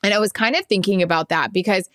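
A woman's voice: mid-range voice, fast, a bit bright, no room sound, studio quality. A woman in her thirties co-hosting a podcast, talking candidly about home life in casual chat. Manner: candid, confiding. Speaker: podcast co-host.

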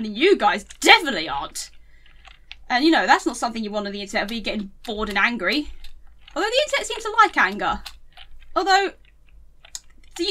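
A woman's voice: high voice, bright, forceful tone, slight background noise. A young woman giving chatty, giggly gaming commentary, rambling and talking to herself as she plays. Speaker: gaming channel host.

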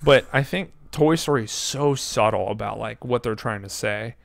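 Gravelly-voiced man in his twenties. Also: mid-range voice, moderate pace, dry recording. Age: 20s. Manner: animated storytelling with voiced quotes and frequent swearing. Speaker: podcast co-host. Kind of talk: casual chat.

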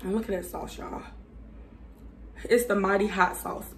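Slow-talking woman tasting hot nuggets. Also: medium pitch, fairly even intonation. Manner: chatty, addresses viewers as y'all, hums while eating. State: mouth burning from spicy food. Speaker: food review vlogger. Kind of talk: casual food review.

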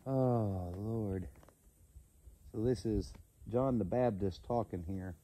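A man reading scripture aloud in a measured way, breaking off now and then for quiet, mumbled asides of commentary. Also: on the low side. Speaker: scripture reader.

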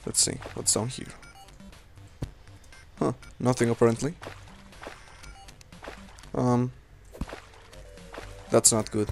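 A man's voice: medium pitch, steady tone, slow pace, gravelly, pauses often, a little mellow. A young man giving rambling casual commentary while playing a game, talking to himself and swearing at enemies. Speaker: let's play host. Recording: faint game music behind.

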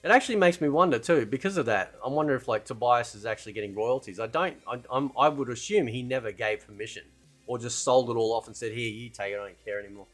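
A man's voice: medium pitch, fast, a bit bright, faint music behind. A man giving casual, rambling opinion commentary as a gaming channel host, often tagging "right?" and "man" onto his sentences.

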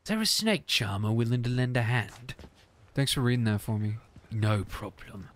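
A man's voice: medium pitch, animated, moderate pace. A man joking along in gaming commentary, playing out silly bits.

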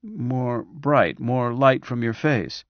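A man's voice: medium pitch, animated, dry recording, lo-fi sound. A man doing a reedy, whispery, bedridden cyborg man. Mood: weak. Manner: slow, hesitant, strained. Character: frail bedridden cyborg man, weak and resentful.

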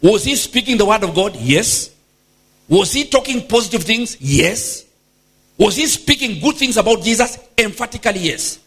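A bishop preaching a sermon, emphatic and exclamatory, punctuating points with praise shouts. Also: male voice, high voice, expressive, normal speed, breathy edge. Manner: emphatic, exclamatory, frequent hallelujahs.

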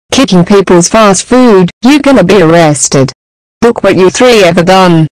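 A woman's voice: medium pitch, no echo, poor audio. A text-to-speech woman voice delivering an angry scolding as a mother in a fan animation. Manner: shouting scolding, broken grammar.

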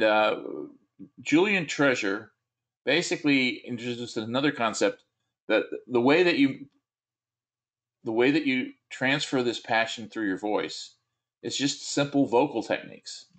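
A male instructor giving a recorded course lecture, talking in a conversational, encouraging way with frequent fillers and restarts. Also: medium pitch.

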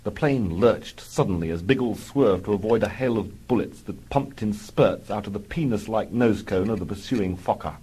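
A man narrating a mock-heroic comic adventure in a dry, deadpan storytelling style. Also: on the low side, normal speed, hardly any pauses, breathy edge, low-quality recording.

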